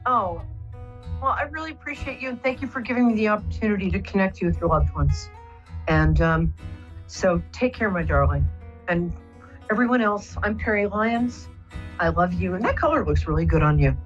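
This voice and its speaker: A woman's voice: mid-range voice, expressive, normal speed, lo-fi sound, faint music behind. A woman hosting a live psychic call-in show, talking soothingly and rambling with many fillers. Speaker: psychic radio host.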